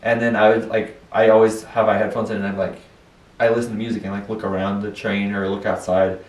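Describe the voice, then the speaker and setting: A young man co-hosting a casual podcast, telling stories in an animated way with frequent laughs. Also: fairly low pitch, fairly quick. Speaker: podcast co-host. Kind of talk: casual chat. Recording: roomy, distant mic.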